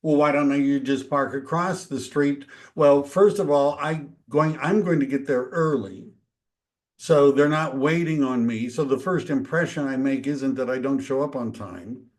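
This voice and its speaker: A man teaching a real estate training, talking casually and acting out quick dialogues with homeowners. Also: mid-range voice. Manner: conversational, acts out dialogues. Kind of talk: training talk.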